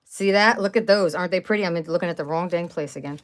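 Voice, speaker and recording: A woman's voice: lowish voice, fast talker. A middle-aged woman hosting a casual live craft stream, chatty and rambling, often exclaiming over things. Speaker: craft channel host.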